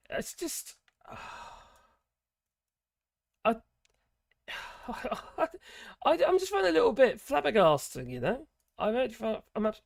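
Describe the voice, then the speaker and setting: A man's voice: sits high, gravelly, no room sound, studio quality. A man hosting a casual livestream, rambling and sardonic, with wry laughs. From England. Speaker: livestream host.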